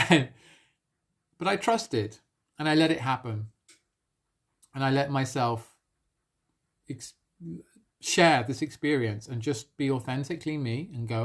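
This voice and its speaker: A man's voice: medium pitch, unhurried, pauses often. Earnest man sharing a spiritual story. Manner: earnest and emotional, laughs softly between phrases. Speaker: spiritual coach. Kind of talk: live-streamed personal storytelling.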